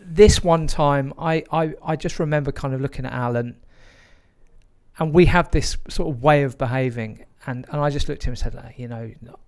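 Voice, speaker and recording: A man who is a podcast guest, telling a story in a reflective way, with frequent pauses and restarts. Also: fairly high pitch. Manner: hesitant, many fillers and restarts, reflective. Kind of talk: conversational storytelling.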